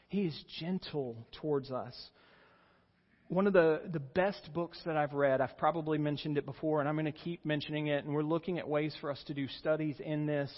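A man preaching a sermon as pastor, earnest and rising in pitch and volume when he stresses a point. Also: big-room sound, muffled recording. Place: church sanctuary.

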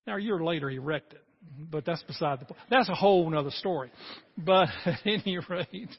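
A man's voice: on the high side, expressive, moderate pace, husky, lo-fi sound. A man in his sixties preaching a sermon as a pastor, talking earnestly and conversationally and building to emphatic peaks.

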